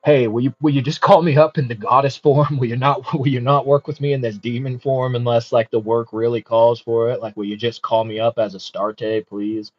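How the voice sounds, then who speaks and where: A man voicing an insistent demon spirit who coaxes the listener to call her up in a gentler form. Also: mid-range voice, fairly even intonation, brisk, hardly any pauses, close to an everyday voice. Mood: pleading. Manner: coaxing and insistent. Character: pleading female demon spirit. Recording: muffled with faint music.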